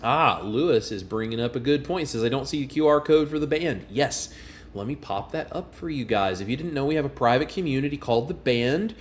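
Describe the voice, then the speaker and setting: A man's voice: medium pitch, animated, fairly quick, slight background noise. A man hosting a casual livestream, greeting viewers by name in a friendly way. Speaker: livestream host.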